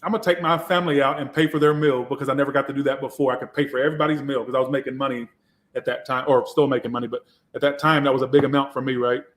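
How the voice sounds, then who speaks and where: A man's voice: medium pitch, steady tone, very fast. A man, a tarot reader from Georgia, telling his own story in a candid, reflective way with some swearing. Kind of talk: casual personal storytelling.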